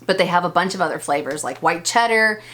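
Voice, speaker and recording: A woman's voice: on the low side, lively intonation, fast talker, fairly bright tone. A woman in her thirties giving a casual, chatty product review as a vlogger, enthusiastic and full of fillers. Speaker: beauty vlogger.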